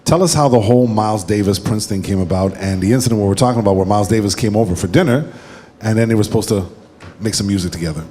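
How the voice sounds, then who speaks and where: A man moderating an on-stage interview and asking questions in a relaxed, conversational way. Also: lowish voice, quick pace, slight background noise.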